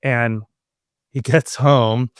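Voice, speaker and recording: A man from Southern California hosting a podcast, telling a story in a casual, animated way and acting out quoted lines. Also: mid-range voice, drawn-out words, clean tone, no room sound, studio quality. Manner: animated, acts out quoted dialogue. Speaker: podcast host.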